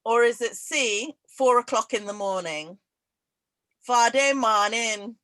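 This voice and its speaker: A woman hosting an online quiz over a video call, laughing often and reading each question twice, slowly. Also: on the high side, lively intonation, a bit bright, no echo, low-quality recording. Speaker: event host running a quiz. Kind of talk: casual online event chat.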